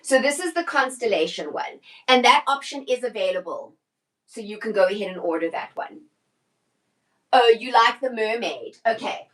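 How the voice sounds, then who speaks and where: A woman's voice: fairly high pitch, lively intonation, normal speed, fairly bright tone, poor audio. A middle-aged woman, a personal stylist, chatting casually on a live shopping stream, answering viewer questions and often restarting her sentences.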